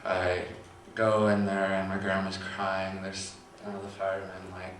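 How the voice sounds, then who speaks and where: Soft-spoken young man, echoey distant room. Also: low-pitched, completely flat delivery, slight background noise. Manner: halting, quiet storytelling with long pauses. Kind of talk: personal testimony.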